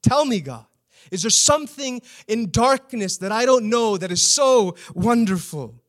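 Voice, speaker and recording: Pastor voicing an anguished psalmist man, high strained pleas, near-shouting at heaven. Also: animated, a little slow. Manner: pleading, accusing, rising to near shouts. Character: desperate anguished psalmist man crying out to God.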